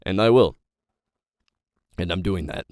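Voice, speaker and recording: A man's voice: low-pitched, a little slow, a little mellow, dry recording, clean studio sound. A nineteen-year-old man giving an impassioned, rambling personal update to his viewers, swearing and stumbling over his words. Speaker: YouTube creator and novelist.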